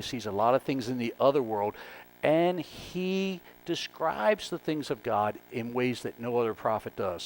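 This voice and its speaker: A man's voice: medium pitch, slight background noise, poor audio. A male pastor giving a conversational, emphatic sermon and working through numbered points.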